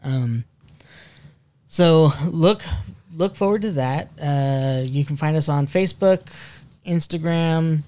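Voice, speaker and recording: A man with a fairly high voice hosts a relaxed podcast. He talks in loose, rambling sentences full of fillers. He laughs often. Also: slow. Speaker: podcast host. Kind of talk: casual chat. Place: basement room.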